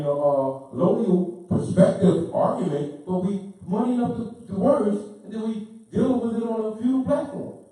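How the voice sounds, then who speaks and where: A man lectures with fervent, preaching insistence and hammers his points through repetition. His voice sits high and mellow. He is heard from well off the mic in a very echoey room. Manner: fervent, preaching, repeats himself, gets loud then apologizes. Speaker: speaker. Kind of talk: impassioned lecture. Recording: roomy, from far off the mic.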